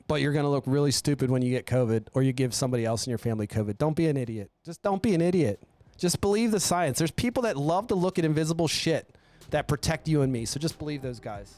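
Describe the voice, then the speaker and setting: A man's voice: on the high side, darkish tone, no room sound. A man hosting his own show, ranting alone in a blunt, rambling way and swearing a lot. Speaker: podcast host. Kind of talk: profane solo rant. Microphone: studio mic.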